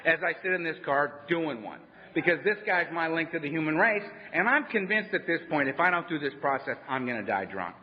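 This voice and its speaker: A man's voice: on the high side, expressive, fairly quick. A man speaking at a recovery meeting, telling his story conversationally with wry humor and frequent "right?". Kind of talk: personal recovery talk to a meeting. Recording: dull lo-fi sound in a reverberant hall.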